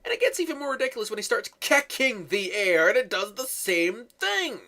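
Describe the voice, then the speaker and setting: A man's voice: high voice, big pitch swings, fairly quick, pushed and bright. A man giving a profane, mocking comedic movie rant as a reviewer.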